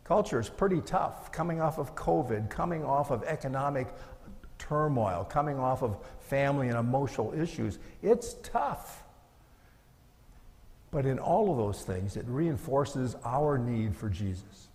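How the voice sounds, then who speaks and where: A man's voice: mid-range voice, lively intonation, a little slow, darkish tone. Man preaching in a reverberant hall. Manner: earnest, conversational preaching with rhetorical questions. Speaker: pastor. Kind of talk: sermon.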